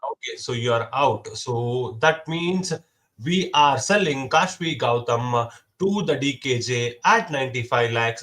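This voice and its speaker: Calling a casual mock auction, a young man with a middle-pitched voice repeats the latest bid over and over and names each side as he calls on them. He sounds expressive and a bit bright, counting down briskly before every sale.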